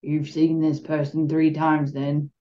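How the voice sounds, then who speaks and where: Lady doing a gruff gravelly guy, flat monotone, stern and watchful, lo-fi sound. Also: deep voice, takes it slowly. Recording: dull lo-fi sound.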